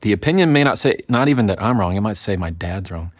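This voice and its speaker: A man in his thirties with a very low voice explains communication as a podcast guest. He acts out both sides of arguments in lively quoted voices. The sound is dry and close. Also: quick pace, no echo. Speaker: guest, lawyer and communication coach. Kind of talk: explaining in an interview.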